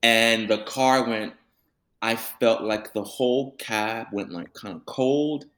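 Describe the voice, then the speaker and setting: A man's voice: mid-range voice, slow pace. A young adult man, a musician, telling a personal story in an interview and acting out the voices of the people in it. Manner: animated storyteller acting out quoted voices, with laughter. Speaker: musician and band leader.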